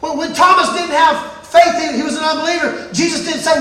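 A man with a very high voice preaches in a church. He swings between shouting and hushed asides. The sound is heavily echoey, from a mic set back from him. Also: steady tone, fairly quick, hardly any pauses. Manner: shouting and dropping to near whispers, playful asides. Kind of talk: sermon. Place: church sanctuary. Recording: very echoey room, mic at a distance.

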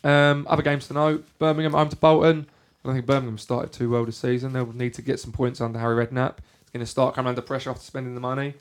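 A man's voice: medium pitch, level tone, fast, few pauses. A man leading a casual football chat with friends. He talks through the week's fixtures in an easy, matter-of-fact way, giving dry opinions as he goes. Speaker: podcast host.

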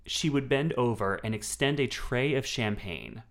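A man co-hosting a podcast in casual chat, telling stories in an animated, playful way with mocking asides. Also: medium pitch, a little slow. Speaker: podcast co-host.

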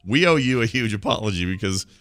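A man hosting a podcast in casual chat, excitable and quick to laugh. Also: fairly low pitch, no echo. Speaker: podcast host.

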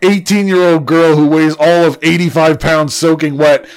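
A man's voice: fairly high pitch, fairly even intonation, normal speed. A man co-hosting a casual chat, cracking sarcastic jokes and laughing often.

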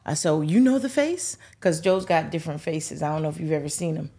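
Brief: middle-aged woman, lowish husky voice, lively family storyteller. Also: quick pace. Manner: animated, acts out voices in her stories. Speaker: guest, host's mother. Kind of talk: casual storytelling.

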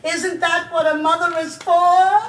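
A woman's voice: very high voice, flat delivery, unhurried, over a noisy crowd. An actress playing a doting, fussy middle-aged mother on a 1960s comedy record, with a sing-song reassuring voice. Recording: echoey distant old vinyl record.

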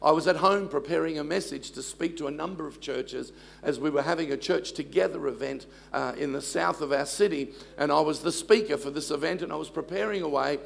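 A man's voice: on the high side, a little fast, creaky. A man, preaching a sermon and telling stories with self-deprecating humor. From Australia. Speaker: pastor.

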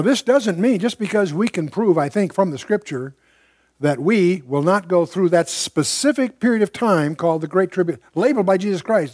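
An older man teaches the Bible verse by verse to a room with a live audience, conversational and digressive, with emphatic asides. His voice is high-pitched with a darkish tone, and the recording is clean studio sound with no echo.

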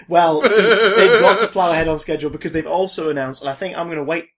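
A man's voice: fairly high pitch, brisk, fairly bright tone. A young man co-hosting a casual podcast, rambling and joking about games and films. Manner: rambling, jokey, self-deprecating. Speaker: podcast co-host.

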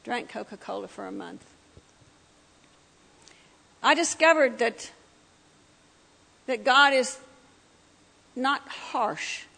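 A woman's voice: fairly high pitch, lively intonation, slow pace, gravelly, long pauses, bright, forceful tone. A middle-aged woman giving her personal testimony at a church breakfast, telling the story vividly and acting out what people said. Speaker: guest speaker sharing her testimony. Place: church meeting hall. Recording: long hall reverb.

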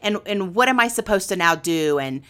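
A woman's voice: mid-range voice, expressive, normal speed, a bit bright, clear, resonant tone. A woman life coach appearing as a radio guest, earnest and encouraging as she challenges listeners. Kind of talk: radio talk show chat.

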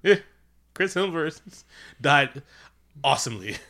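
A man co-hosting a casual comedic chat at home, animated and profane, often slipping into mocking quoted voices. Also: fairly high pitch, measured pace. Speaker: podcast co-host.

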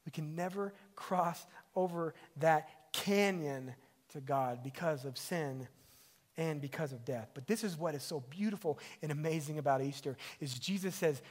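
Man preaching, fairly high voice, chatty sermon with loud emphatic peaks, middle-aged. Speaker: pastor.

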